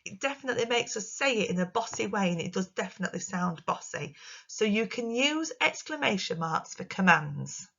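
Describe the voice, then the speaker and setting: A woman's voice: mid-range voice, animated, fairly quick, vocal fry, pushed and bright. Female primary teacher, recorded lesson for little ones, bouncy sing-song delivery, muffled lo-fi sound. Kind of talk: recorded remote lesson for young children.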